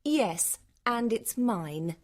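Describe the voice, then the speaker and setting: A man's voice: very high voice, animated, a little slow, pitched above the performer's own voice, heavily acted. A man reading a story aloud, voicing a pushy, arrogant woman who speaks haughtily. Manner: haughty, sharp.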